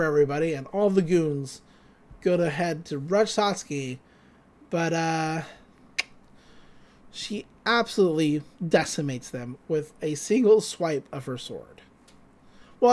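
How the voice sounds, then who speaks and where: A podcast co-host in casual chat, retelling an episode in an animated way and acting out the quoted lines. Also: medium pitch. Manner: loose, with frequent "like" and restarts.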